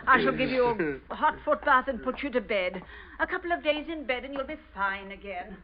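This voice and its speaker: A woman's voice: on the high side, animated, brisk, over a noisy crowd, lightly acted. An actress playing a prim, fussy mother who dotes on her family, in 1940s radio acting. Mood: prim fussing. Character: prim, fussing middle-aged mother. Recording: dull old radio broadcast.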